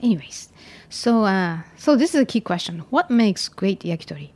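A woman's voice: mid-range voice, expressive, normal speed, darkish tone. A woman hosting a podcast interview, chatty and adding her own notes to the conversation. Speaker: podcast host. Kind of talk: casual interview chat.

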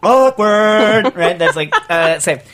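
A middle-aged man from Vermont hosting a casual podcast chat, rambling and ranting with animated energy. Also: medium pitch, a little fast. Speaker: podcast host.

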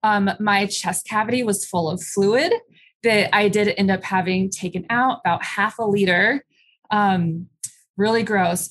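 A woman guest in an interview, recounting her own experience candidly and conversationally, with frequent ums and likes. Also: medium pitch. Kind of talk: candid personal storytelling in an interview.

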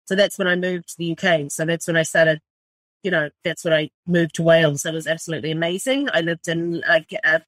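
A woman's voice: sits low, fairly even intonation, a little fast, no echo. Sweary New Zealand woman chef. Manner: sweary, rambling, lots of fillers. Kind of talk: casual interview.

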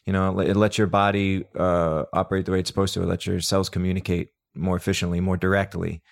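A man's voice: low voice, level tone, fast talker, gravelly. A man who teaches breathwork, telling a story in a casual podcast chat, full of restarts and fillers. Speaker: breathwork instructor.

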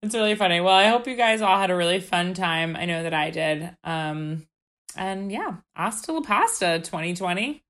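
Bright-voiced woman podcast co-host, animated. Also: on the low side. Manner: animated, swearing, quick to exclaim. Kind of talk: casual chat.

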